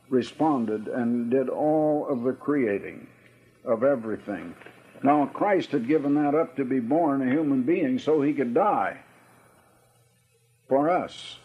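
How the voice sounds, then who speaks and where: A man preaching a Bible-study sermon, slowly reading and explaining scripture verse by verse with a husky voice and frequent "uh"s. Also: medium pitch. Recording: tinny phone-like radio broadcast.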